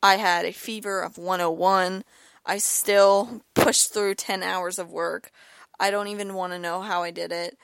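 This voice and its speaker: A woman's voice: mid-range voice, fairly even intonation, measured pace, creaky, clear, resonant tone, no echo, studio quality. A young woman hosting her own podcast, telling a personal story in a rambling, casual way with lots of repeated words and "like," while ill with an ear and throat infection. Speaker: podcast host.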